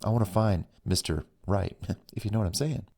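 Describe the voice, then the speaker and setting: A man's voice: on the low side, fairly quick, vocal fry, mellow. A man voicing a chatty, eager young woman on a phone date in an audiobook. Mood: excited. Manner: bubbly, chatty. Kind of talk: audiobook reading.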